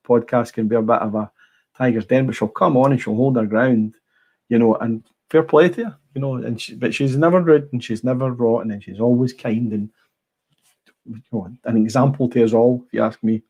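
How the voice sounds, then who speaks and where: A man's voice: mid-range voice, breathy edge, lo-fi sound. A middle-aged Scottish man hosting a casual livestream, blunt and rambling, swearing freely. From Scotland. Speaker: livestream host. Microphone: small clip-on mic.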